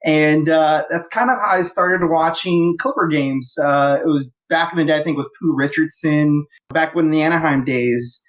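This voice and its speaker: A man from Los Angeles in his thirties talks as a podcast guest, eager and rambling, often restarting his sentences. His voice sits a little high. The audio is dull and lo-fi. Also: steady tone, normal speed, few pauses. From Los Angeles, USA. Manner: enthusiastic, rambling, frequent fillers and restarts. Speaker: guest, fan. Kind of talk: casual podcast interview.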